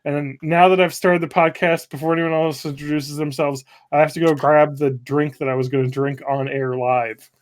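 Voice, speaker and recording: Man, podcast host, rambling, laid-back, fairly high voice. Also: flat delivery, normal speed, few pauses. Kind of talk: casual podcast chat.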